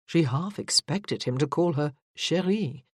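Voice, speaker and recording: A narrator reading a period romance novel in an even, measured way. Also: medium pitch, breathy edge, dry recording, clean studio sound.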